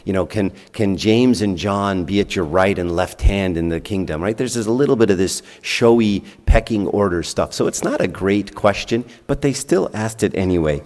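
Male priest, low voice, conversational sermon, long church reverb. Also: moderate pace, few pauses, darkish tone. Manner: conversational, uses rhetorical questions and acted-out dialogue.

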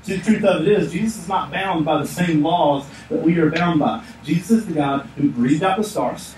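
A male pastor preaching a sermon in a lively, joking storytelling manner. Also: fairly high pitch, moderate pace, a little hiss or hum. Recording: echoey room, distant mic.

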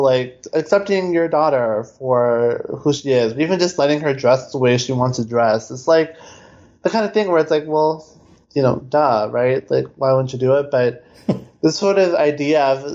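A man's voice: mid-range voice, darkish tone. Thoughtful man on slightly dull audio. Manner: thoughtful, halting, frequent restarts. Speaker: podcast co-host. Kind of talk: casual film discussion.

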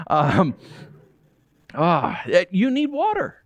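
Animated man preaching a casual sermon. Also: on the high side, slow pace, pauses often, no echo. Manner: conversational, animated storytelling with rhetorical questions. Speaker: pastor.

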